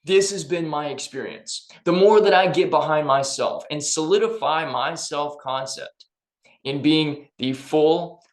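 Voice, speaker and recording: A man's voice: fairly high pitch, measured pace. Upbeat motivational man, echoey room. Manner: upbeat, emphatic, conversational. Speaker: personal development vlogger. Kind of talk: motivational talk to camera.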